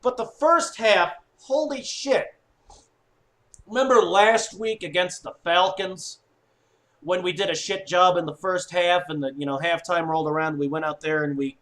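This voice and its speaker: A man giving an upset, sweary sports fan rant, swinging from low muttering to shouting. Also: steady tone, normal speed. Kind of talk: ranting fan monologue.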